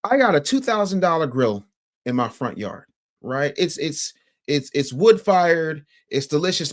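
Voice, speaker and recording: Animated, sarcastic American man hosting. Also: fairly high pitch, unhurried. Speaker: morning news show host. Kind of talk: casual livestream commentary, reading chat.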